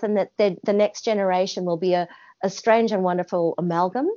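A woman's voice: medium pitch, steady tone, fairly quick, dark tone, lo-fi sound. Passionate woman theatre director. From Australia. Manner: passionate, emphatic, with frequent restarts. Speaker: artistic director of a theatre company. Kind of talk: reflective interview answers.

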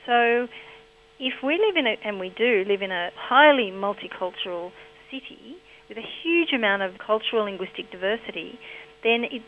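A woman linguistics researcher explaining her work in a measured, explanatory way. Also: mid-range voice. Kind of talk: expert interview. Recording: slightly muffled with faint hum.

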